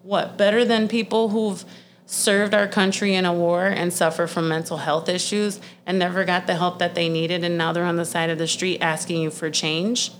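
A woman's voice: lowish voice, level tone, moderate pace, slight background noise. A woman in her thirties ranting in a blunt, profane, exasperated way, speeding up in heated bursts. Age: 30s. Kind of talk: ranting monologue.

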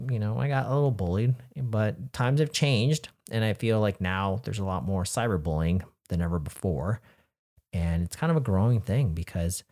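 A man's voice: sits low, darkish tone. A man hosting a casual podcast, talking in an easygoing, rambling way. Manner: easygoing, rambling intros with fillers. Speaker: podcast host.

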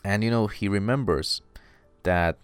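A man casually recapping an anime episode, excitable and full of "you know" fillers. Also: on the low side, a little slow, clean tone, no room sound, faint music behind.

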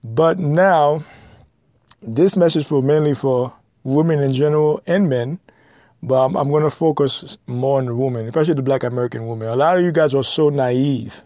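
A man's voice: medium pitch, normal speed, dark tone, no echo. A man giving blunt, lecturing advice in an opinionated monologue, repeating his points.

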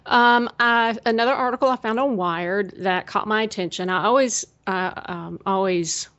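Woman, Minnesota accent, podcast co-host, casual chat, middle pitch, slightly muffled audio. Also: normal speed. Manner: chatty, animated when quoting herself.

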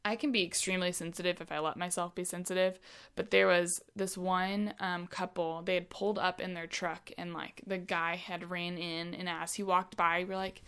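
Young woman, lowish voice, chatty storyteller, filler-heavy casual talk. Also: moderate pace, smooth. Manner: chatty, many fillers, animated retelling. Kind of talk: casual chat.

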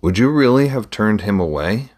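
A man's voice: fairly low pitch, animated, normal speed, darkish tone. A man reading as a curious, earnest young son. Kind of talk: audiobook reading.

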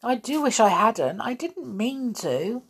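A woman reading aloud voices an earnest young boy in a children's story, bold at first and quickly sorry, in a slightly husky voice. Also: a little high, sing-song, voice pushed up, heavily acted. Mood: apologetic.

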